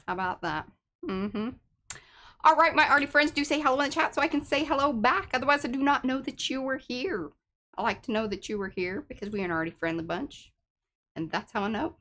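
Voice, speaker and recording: A woman's voice: medium pitch, a little hiss or hum. A middle-aged woman hosting an art livestream, chatting casually and greeting viewers one by one.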